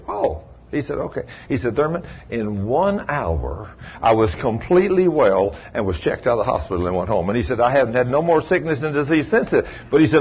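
Husky man preaching with lively swings. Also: fairly quick. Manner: folksy storytelling, swings from low murmurs to high cries; acts out quoted voices. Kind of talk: sermon. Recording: dull lo-fi sound.

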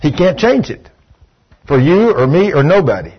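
A man's voice: a little high, very animated, normal speed, breathy edge, lo-fi sound. A man preaching a sermon in a church, emphatic and repetitive, telling folksy stories.

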